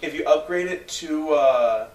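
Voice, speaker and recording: A man's voice: fairly high pitch, a little slow, a little mellow. A young man co-hosting a gaming podcast, rambling hesitantly through stories and tips. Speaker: podcast co-host. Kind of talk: casual gaming podcast chat. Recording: echoey room, distant mic, faint noise.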